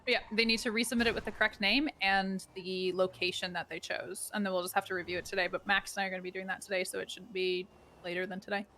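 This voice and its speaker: A chatty woman talks in character in a role-play game, spinning animated stories. Her voice sits at an ordinary middle pitch, with faint noise underneath. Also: fast talker.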